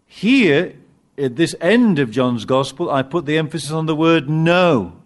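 A man preaching a sermon, animated and emphatic at times, with halting restarts as he searches for words. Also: fairly high pitch. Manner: animated, rising to emphatic peaks.

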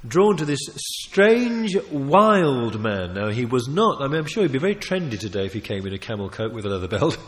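A man preaching a sermon, emphatic and animated, often restarting his phrases and adding asides. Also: medium pitch, normal speed, few pauses. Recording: long reverb of a large hall.

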